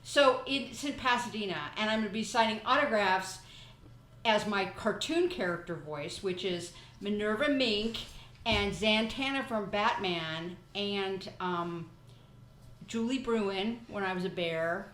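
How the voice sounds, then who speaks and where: Animated chatty woman in an echoey room. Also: mid-range voice, a little slow, a little hiss or hum. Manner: chatty, rambling storytelling. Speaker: podcast host. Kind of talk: casual chat.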